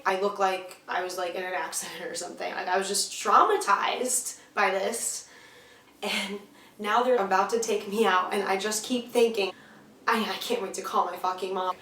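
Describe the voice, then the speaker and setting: A woman's voice: mid-range voice, fairly bright tone, distant mic. A young woman telling a story in a candid vlog, swearing often and getting worked up. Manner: candid, swears often, rising to frustrated outbursts. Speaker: vlogger. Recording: roomy sound, a bit away from the mic.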